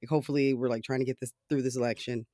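A man's voice: medium pitch, level tone, racing, dark tone, dry recording, clean studio sound. A man hosting his own podcast, ranting casually with lots of swearing and sarcasm, often breaking into laughs and rambling with fillers. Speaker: podcast host. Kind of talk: casual solo political rant.

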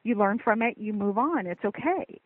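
A woman on a tinny, phone-like line, speaking earnestly and reassuringly as she gives advice. The sound is dry and close, with a mid-pitched voice. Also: animated, moderate pace, dry recording. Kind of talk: casual conversation.

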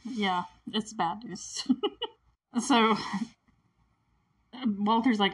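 This movie reviewer talks at a normal speed with a steady, medium-pitched voice and pauses often. She recaps a film casually, chatty and giggly with constant "like" fillers, and she's positioned a bit away from the mic.

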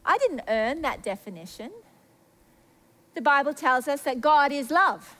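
A woman with a high voice preaches a sermon as if chatting with friends. She is confessional and self-mocking, and drops into hushed asides before rising into excited bursts. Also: a little slow. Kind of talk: sermon with personal stories.

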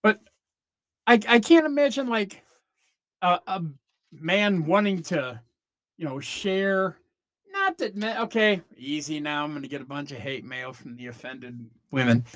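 A man's voice: fairly high pitch, expressive, unhurried, a bit bright, dry recording. A man hosting a comedy podcast, delivering a rambling, self-interrupting rant into a close mic, breaking off mid-sentence and slipping into mock voices. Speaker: podcast host. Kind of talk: comedic monologue.

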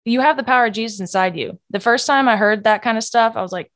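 A woman hosting a podcast, telling a personal faith story in an earnest, candid way that often drops to a hush. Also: mid-range voice, brisk, creaky, no echo, studio quality. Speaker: podcast host.

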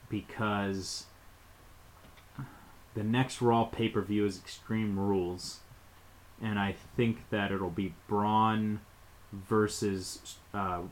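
Low-voiced, laid-back podcast co-host man. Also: steady tone, slow, pauses often, rough recording. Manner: laid-back, rambling, playful. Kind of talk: casual chat.

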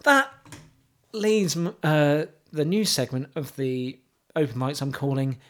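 A man co-hosting a podcast, chatting jokily and reciting song lyrics in a mocking deadpan. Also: fairly high pitch, unhurried. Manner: jokey, sarcastic, breaks into deadpan sung-spoken lyrics. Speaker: podcast co-host. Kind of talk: casual chat, mock-singing lyrics. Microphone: studio mic.

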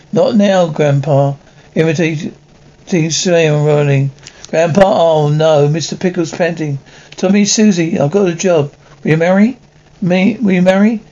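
Guy doing all the cartoon voices himself, kinda high and mellow, muffled lo-fi audio. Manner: switches rapidly between character voices and sound effects. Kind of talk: one-man comic voice acting of many characters.

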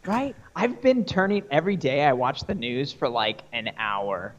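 Rambling, animated young man on a lo-fi call. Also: mid-range voice, normal speed. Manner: rambling, animated, swears freely. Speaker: podcast co-host. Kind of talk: casual chat.

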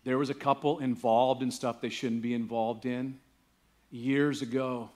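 A man's voice: medium pitch, flat delivery, a little slow, darkish tone. Man preaching a conversational sermon. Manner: conversational storytelling, rising to emphatic preaching. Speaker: pastor. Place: church.

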